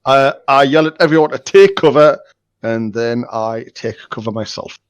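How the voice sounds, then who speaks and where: A middle-aged man playing a tabletop game, playful and quick with jokes. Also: medium pitch, clear, resonant tone. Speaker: player.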